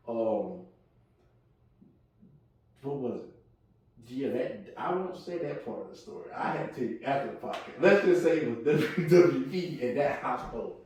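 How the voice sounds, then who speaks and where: A man's voice: medium pitch, unhurried, pauses often, slight background noise. A young man telling stories in a casual podcast chat, acting out other people's voices as he goes. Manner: animated, acts out voices in his stories. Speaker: podcast co-host. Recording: echoey room, mic at a distance.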